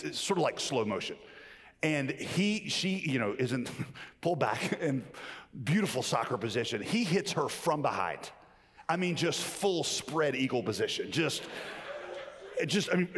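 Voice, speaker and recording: Animated middle-aged pastor in a reverberant church. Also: male voice, fairly high pitch, husky. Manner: animated storyteller, acts out voices, frequent restarts. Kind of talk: sermon with storytelling.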